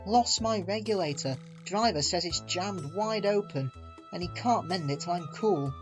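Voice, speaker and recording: A man's voice: high-pitched, normal speed, music in the background, voice pushed up, natural voice. A man voicing a proud, grumbling big male steam engine in a storybook reading. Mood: moaning. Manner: gloomy then chuckling.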